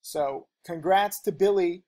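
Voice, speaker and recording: A man with a somewhat higher-pitched voice teaching a casual trading lesson off the cuff. He talks rapidly and rambles, piling on fillers and restarting his sentences. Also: a little mellow.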